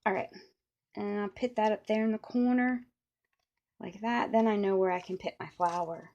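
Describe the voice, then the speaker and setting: A woman's voice: medium pitch, steady tone, normal speed, mellow, muffled recording. A middle-aged woman chatting through a papercraft tutorial, rambling with playful asides. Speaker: papercraft demonstrator. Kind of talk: casual crafting tutorial.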